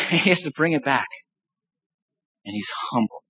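High-voiced animated male pastor. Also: measured pace, vocal fry, husky, low-quality recording. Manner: animated, emphatic, with rhetorical questions. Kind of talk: sermon.

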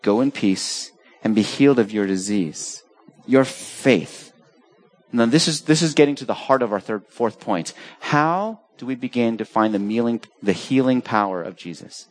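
A middle-aged man preaching a sermon as pastor, animated, swinging between urgent highs and soft low asides. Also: moderate pace.

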